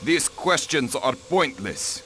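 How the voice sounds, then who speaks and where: An actor playing a haughty count and diplomat in a murder mystery game, curt and dismissive. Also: male voice, medium pitch, very animated, takes it slowly, pushed and bright, a little hiss or hum, heavily acted. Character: haughty male count, diplomat, cold and protective.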